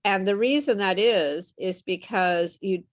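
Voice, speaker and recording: Slow, patient woman teaching pronunciation. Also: medium pitch. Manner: patient, explains slowly, models words by repeating them. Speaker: English pronunciation tutor. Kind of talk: online group lesson.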